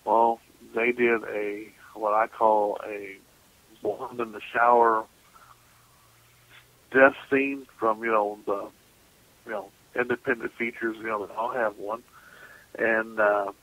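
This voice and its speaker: A man's voice: lowish voice, level tone, takes it slowly, long pauses, fairly bright tone. A man, a paranormal investigator, telling stories as a guest in a casual radio interview. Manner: casual, laughing, folksy storyteller. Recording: muffled radio call audio.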